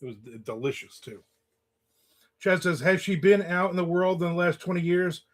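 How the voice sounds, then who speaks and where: In a casual livestream set in the American South, the male host speaks in a high-pitched voice at a moderate pace, telling a story and reading viewer comments aloud.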